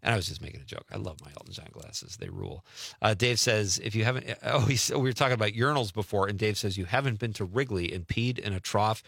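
A man's voice: lowish voice, lively intonation, quick pace, gravelly, a bit bright, husky, no echo. A middle-aged man from Wisconsin hosting a call-in radio show, chatting casually and laughing often as he reads out listener messages.

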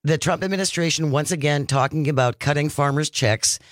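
A man hosting a talk show, asking questions and clarifying points slowly and emphatically. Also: on the high side, no room sound, clean studio sound. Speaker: radio show host.

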